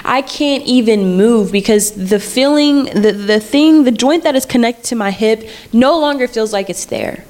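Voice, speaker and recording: A woman's voice: on the high side, a little slow, few pauses, a little mellow. A woman in her twenties hosting a personal podcast, telling her story in a candid, conversational way and repeating phrases for emphasis. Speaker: podcast host.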